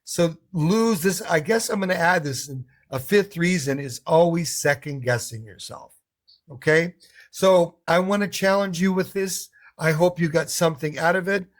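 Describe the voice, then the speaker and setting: A middle-aged man coaching English learners in a casual talk to camera. His voice sits a little high for a man, and he tells stories with energy, acting out the people in them. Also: moderate pace. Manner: animated storyteller who acts out voices.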